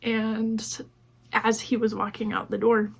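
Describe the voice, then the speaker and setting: A woman's voice: on the high side, completely flat delivery, a little slow, gravelly, breathy edge. A woman vlogger talking casually about her own life, acting out what people said with many "like"s. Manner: conversational, acts out quoted dialogue with many "like"s. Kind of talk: casual personal storytelling.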